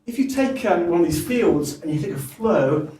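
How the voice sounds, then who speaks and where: A man giving an academic seminar talk, halting, with frequent restarts and fillers. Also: a little high, lively intonation, mellow. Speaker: lecturer at a symposium. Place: seminar room. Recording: roomy, distant mic, faint hiss.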